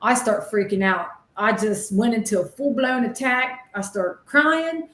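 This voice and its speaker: A fairly high-voiced woman talking a little slowly, she's a medium and ghost hunter guesting on an interview. She tells her stories with animated excitement and dramatic re-enactments of voices she remembers, with the recording made in an echoey room.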